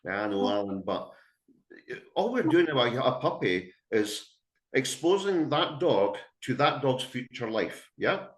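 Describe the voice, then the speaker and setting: A man's voice: mid-range voice, very animated, slow pace. A middle-aged man, a dog trainer giving a blunt, emphatic webinar talk full of anecdotes to dog owners. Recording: echoey room.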